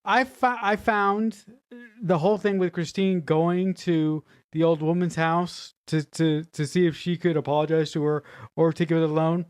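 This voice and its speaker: A woman co-hosting a casual movie review podcast, talking in halting restarts and swearing bluntly. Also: lowish voice, steady tone, a little mellow, clean tone. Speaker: podcast co-host.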